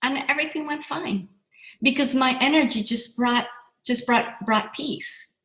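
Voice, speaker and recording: Middle-aged female coach, higher voice, rambling and animated, echoey room. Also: measured pace. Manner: animated, rambling, with restarts and self-corrections. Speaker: business coach. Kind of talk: motivational workshop talk.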